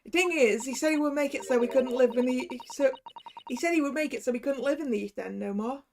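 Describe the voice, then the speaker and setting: A woman's voice: sits high, quick pace, slight background noise. A woman voicing a defiant young street girl with a put-on Cockney accent and slangy speech.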